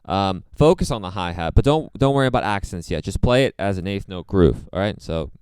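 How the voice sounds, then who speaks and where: A man with a smooth, clear, fairly low voice talks through a drum lesson in a laid-back, conversational way. His sound is dry and close, with no room ring. He often circles back with fillers as he explains. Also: brisk, dry recording. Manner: relaxed, repeats himself, many fillers. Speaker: drum teacher. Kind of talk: casual instructional talk.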